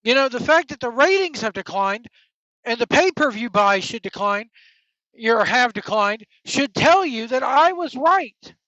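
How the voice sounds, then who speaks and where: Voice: medium pitch, animated, measured pace, pushed and bright, dry recording. Heated, profane wrestling podcast host. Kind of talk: angry opinion rant. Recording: dull lo-fi dry recording.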